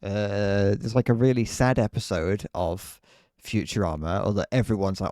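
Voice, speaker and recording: A man's voice: lowish voice, normal speed, a little mellow, no room sound, clean studio sound. A young British man chatting casually on a live gaming stream, rambling with frequent restarts and laughs.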